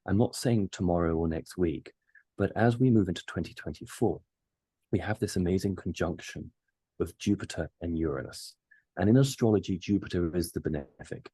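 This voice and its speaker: A man with a very low, husky voice talks earnestly about big ideas, pressing each point with emphasis. His tone is dark and mellow. The sound is dry and close. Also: no echo. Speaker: resident astrologer. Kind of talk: casual chat.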